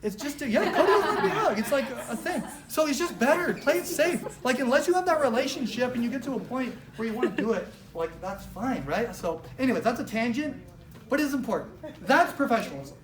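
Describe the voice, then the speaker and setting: A woman's voice: high-pitched, brisk. Chatty woman trainer in a roomy hall. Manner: animated, chatty, heavy use of "like", acts out quotes. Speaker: sales office trainer. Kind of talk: casual motivational training talk. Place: office meeting room with a live audience. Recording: roomy live room with faint noise.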